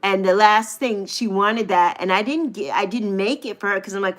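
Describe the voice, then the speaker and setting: A woman's voice: medium pitch, moderate pace. A middle-aged American woman from the United States hosting a casual live chat, chatty, laughing often and swearing freely. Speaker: live stream host.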